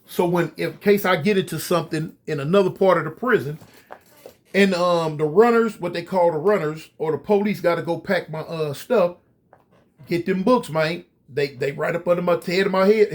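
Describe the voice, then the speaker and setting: A man casually telling a story straight to his viewers, animated and full of slang. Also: on the high side, normal speed. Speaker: storyteller recounting prison life.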